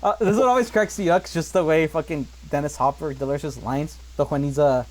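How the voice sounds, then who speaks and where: A man's voice: on the high side, fairly quick, low-quality recording. A man hosting a casual podcast, swearing freely and laughing often. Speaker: podcast host. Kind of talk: casual chat.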